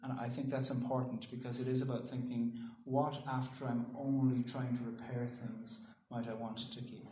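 A man giving a thoughtful public talk, pausing and restarting, and reading a poem aloud. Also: mid-range voice, little pitch movement, warm tone, a little hiss or hum. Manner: thoughtful, halting with ums and restarts. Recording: roomy echo.

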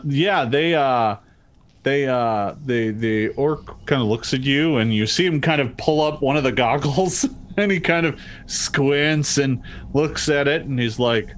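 A young man narrating a tabletop game as game master, hesitant with many fillers and frequent laughs. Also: mid-range voice.

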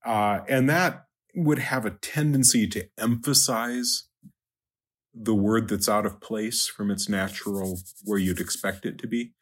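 A man teaching a Latin lesson, working through numbered exercises in a halting way with many ums and uhs. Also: fairly low pitch, steady tone, fairly bright tone, breathy edge. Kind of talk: recorded lecture walking through exercises.

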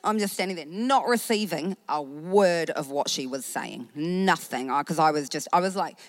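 A woman's voice: low voice, moderate pace, no room sound. New Zealand woman pastor telling her story. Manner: animated storytelling with acted-out quotes. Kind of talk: personal story sermon.

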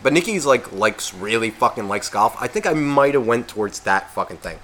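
A man co-hosting a podcast, telling a story in a casual, profane, animated way and acting out quotes. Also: mid-range voice, moderate pace, slight background noise. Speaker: podcast co-host.

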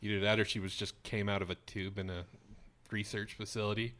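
A man's voice: lowish voice, level tone, a little fast, bright, forceful tone. A man in casual chat, riffing bluntly with plenty of profanity.

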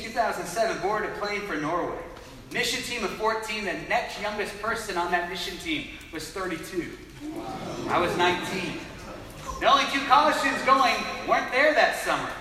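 High-voiced, bright male preacher in echoey hall. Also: distant mic, a little hiss or hum. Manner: earnest storytelling with acted-out dialogue. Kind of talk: sermon.

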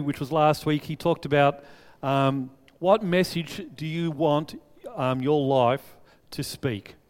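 Man preaching a sermon, casual and lively storyteller, fairly high voice, church hall reverb. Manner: chatty and animated, telling stories to the congregation. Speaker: pastor. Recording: long reverb of a large hall.

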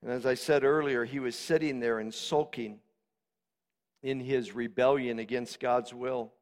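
A man preaching a sermon as pastor, moving from quiet, steady teaching into shouted, passionate swells. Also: medium pitch, unhurried. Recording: long hall reverb.

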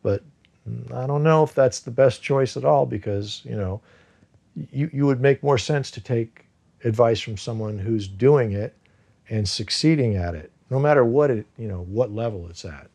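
Gravelly, husky-voiced rambling man. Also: medium pitch, moderate pace, dark tone. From United States. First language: Farsi. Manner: rambling, many restarts and fillers. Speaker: actor, interview guest. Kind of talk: casual interview talk.

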